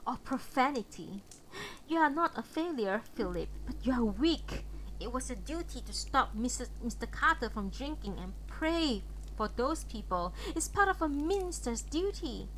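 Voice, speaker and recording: A woman putting on a shrill, scolding pious mother. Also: big pitch swings, moderate pace, a bit bright, slight background noise, rough recording. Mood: stern lecturing. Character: stern pious older mother, scolding and indignant.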